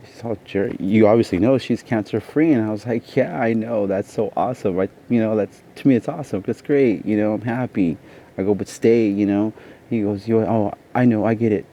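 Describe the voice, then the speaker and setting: Short on sleep, a male vlogger rambles through a personal story in a casual video, dropping "you know" constantly. His voice is lowish, mellow, and fairly quick, captured in dull lo-fi sound with faint noise.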